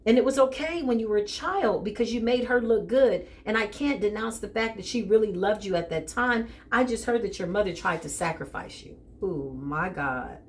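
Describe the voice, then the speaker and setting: A woman giving a casual tarot reading straight to her listener, animated and joking, often calling out "listen" and "okay". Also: on the high side, brisk, few pauses, a little hiss or hum. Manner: animated and joking, with bursts of laughter. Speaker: tarot reader.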